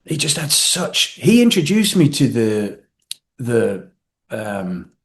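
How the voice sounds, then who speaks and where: A man, a guest actor in a casual interview, telling animated stories and acting out quotes from others. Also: mid-range voice, slow. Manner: animated storyteller, acts out quotes with swearing.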